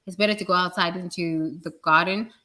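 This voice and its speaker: A woman giving a blunt, emphatic spiritual talk, with sudden loud bursts. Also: on the low side, fairly even intonation, fairly quick. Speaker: spiritual speaker.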